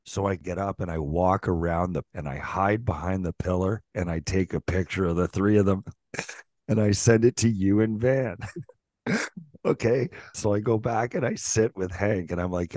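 A middle-aged man with a very low voice spins animated stories in a casual podcast chat. He swears freely and acts out the quotes. The recording is dry and close. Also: normal speed, no room sound. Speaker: podcast co-host, former pro hockey player.

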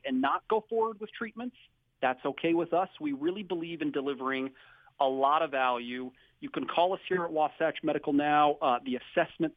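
A man from a clinic giving an upbeat, salesy sponsor pitch on a radio show. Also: dry recording, narrow, tinny audio. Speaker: clinic representative, sponsor guest.

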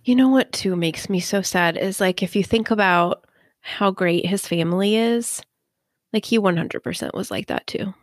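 A woman's voice: mid-range voice, moderate pace, no room sound, studio quality. A young woman co-hosting a casual true-crime podcast, chatty and earnest, with lots of "like". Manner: chatty, earnest, says "like" often. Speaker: podcast co-host.

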